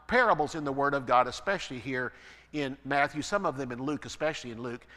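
A man preaching a sermon as pastor, building to emphatic peaks and then dropping to quiet asides. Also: mid-range voice, in a large hall. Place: church.

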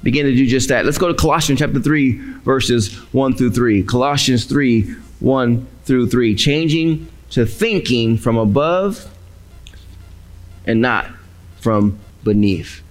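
A male pastor preaching a sermon with dramatic pauses. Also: medium pitch.

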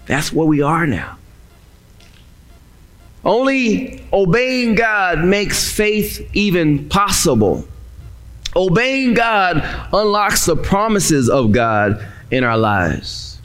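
A male pastor preaching a sermon with dramatic pauses. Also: sits high.

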